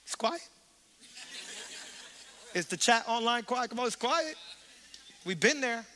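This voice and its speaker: High, bright-voiced preaching man. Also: a little slow, slight background noise. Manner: animated preaching with audience call-and-response. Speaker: pastor. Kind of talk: sermon. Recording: reverberant church hall.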